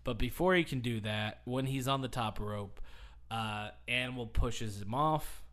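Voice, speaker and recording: A man's voice: medium pitch, measured pace, a bit bright. A man on a podcast telling a wrestling story in casual chat, rambling and laughing often. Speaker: podcast host.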